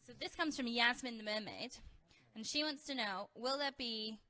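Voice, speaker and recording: A woman's voice: fairly high pitch, moderate pace, pushed and bright. A woman interviewing a band, upbeat and reading out fan questions. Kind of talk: magazine interview.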